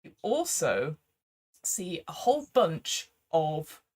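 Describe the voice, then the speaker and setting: A woman's voice: low voice, sing-song, slow pace, darkish tone, slightly rough. A woman running an improvised tabletop game as game master, chatty and often laughing, on a remote call. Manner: chatty, laughing, hesitant restarts. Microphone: remote call microphone.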